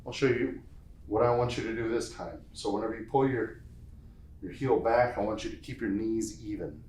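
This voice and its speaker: A man's voice: fairly low pitch, moderate pace, a little mellow, slight background noise. A man leading a home strength workout, counting reps aloud and adding playful asides. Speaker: fitness instructor. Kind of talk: guided workout instruction. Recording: echoey room.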